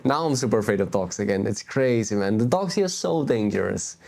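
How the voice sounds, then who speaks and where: A Danish man with a lowish voice and some vocal fry talks briskly on a beach, offering casual spiritual thoughts to camera as a spiritual vlogger. He's candid and animated, swearing freely and laughing at himself.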